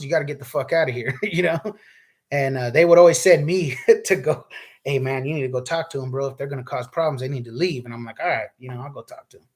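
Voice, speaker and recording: Laid-back man swearing through a story. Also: fairly high pitch. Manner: laid-back, profane, animated retelling with quoted dialogue. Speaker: vlogger telling a personal story. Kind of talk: casual storytelling.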